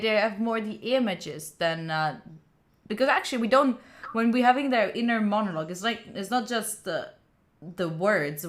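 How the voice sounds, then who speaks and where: A woman with an Italian accent hosting a casual chat, animated and full of restarts. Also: mid-range voice. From Italy. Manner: animated, with frequent restarts and fillers. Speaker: streamer host.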